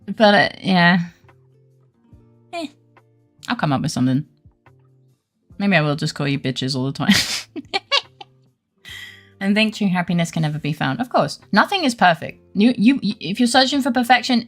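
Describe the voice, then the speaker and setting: A woman's voice: mid-range voice, expressive, normal speed, faint music behind. A young adult woman streaming a game, chatting casually with her live chat; playful and giggly, and she swears freely.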